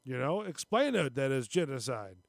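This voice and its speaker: A man co-hosting a casual podcast chat, ranting with lots of swearing and frequent throat clearing. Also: medium pitch, sing-song, normal speed, no room sound, studio quality. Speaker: podcast co-host.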